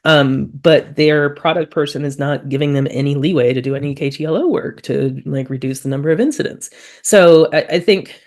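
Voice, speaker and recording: A woman speaking on a webinar panel, impassioned and quick to get worked up, with frequent "um" fillers. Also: low-pitched, a little mellow.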